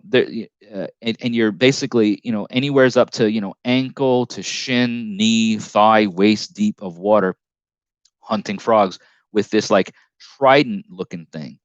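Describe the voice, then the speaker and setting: Northern US man, lowish voice, rambling live-stream storyteller, dull dry headset sound. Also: dry recording. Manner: rambling storytelling with many restarts and self-corrections. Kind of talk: casual live stream chat.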